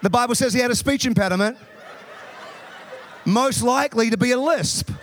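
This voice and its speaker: A man preaching a sermon in a lively, joking way with quick asides. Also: extremely high pitch, a little hiss or hum. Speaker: pastor.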